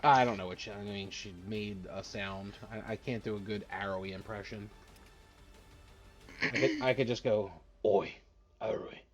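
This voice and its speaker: A man's voice: fairly low pitch, steady tone, normal speed. A man narrating as dungeon master on a live-streamed tabletop game, casual and rambling with fillers.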